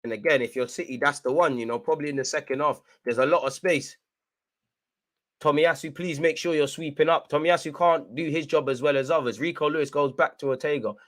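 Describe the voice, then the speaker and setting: A young man giving live fan commentary on a football match, shouting at the referee and players and urging his team on. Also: a little high, fairly even intonation, a little fast. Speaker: football watchalong host.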